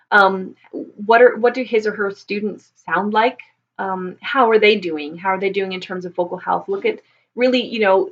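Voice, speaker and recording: Woman vocal coach, mid-pitched, patient and thoughtful explainer, live Q&A, slightly muffled lo-fi audio. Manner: thoughtful, many ums and restarts, explains patiently. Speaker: voice teacher answering viewer questions. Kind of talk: live Q&A teaching. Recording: slightly dull lo-fi sound.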